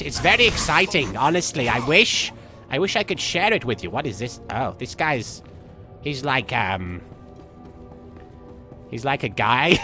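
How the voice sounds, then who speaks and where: A man's voice: mid-range voice, pushed and bright. A man playing a manic, childish villain who rambles and jumps between jokes while streaming a game, sniffling from a cold. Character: manic goofy male villain, childish and gleeful. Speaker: livestream gamer. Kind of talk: live game-stream commentary in character.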